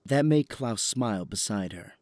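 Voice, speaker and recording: A man narrating a story in calm, even scripted narration for an audio drama. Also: lowish voice, moderate pace, dry recording.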